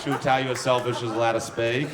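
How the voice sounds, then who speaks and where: A man's voice: mid-range voice, level tone, quick pace. Man, stand-up comic, punchy profane delivery, handheld mic, crowd laughter, background noise. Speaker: stand-up comedian. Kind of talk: stand-up comedy set. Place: comedy club stage with live audience. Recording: live show with loud crowd laughter.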